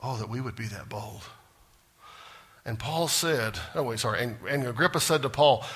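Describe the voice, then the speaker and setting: A man's voice: mid-range voice, moderate pace, a bit bright, breathy edge. A man preaching a sermon. He keeps quizzing the congregation as he goes. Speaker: pastor.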